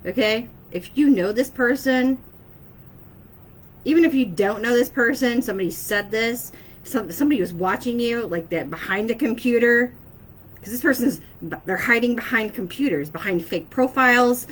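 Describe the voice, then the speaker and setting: A woman's voice: fairly high pitch, normal speed, a little hiss or hum, poor audio. A woman speaking casually to her viewers as an intuitive reader, hesitant, with many fillers and checks of "okay?". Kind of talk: casual spoken message to camera.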